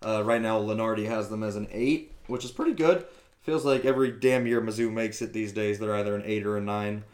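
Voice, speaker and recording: A man hosting a casual sports podcast, talking loosely with quick asides and casual swearing. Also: on the low side, a little mellow. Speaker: podcast host.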